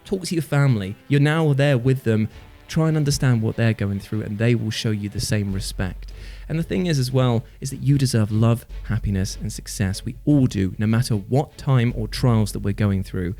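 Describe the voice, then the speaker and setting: A man hosting a comedic gaming list video, jokey and animated, with a warm, earnest sign-off. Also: medium pitch, moderate pace, soft background music. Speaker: host.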